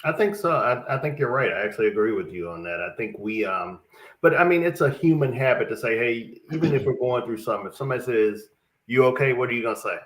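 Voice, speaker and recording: Man, mid-pitched voice, relaxed and agreeable, echoey room. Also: fast talker. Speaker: show host. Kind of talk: casual chat.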